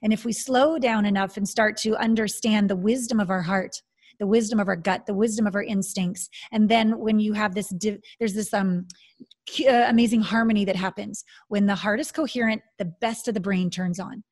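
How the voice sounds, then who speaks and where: A woman's voice: medium pitch, fairly even intonation, moderate pace, a little mellow. A woman hosting a casual conversation, talking with enthusiasm and acting out inner voices.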